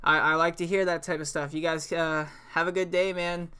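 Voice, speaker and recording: A man's voice: fairly high pitch, flat delivery, fairly quick, pushed and bright, clear, resonant tone. A young man hosting a gaming channel, telling a story over gameplay in a laid-back way, swearing freely and rambling with restarts.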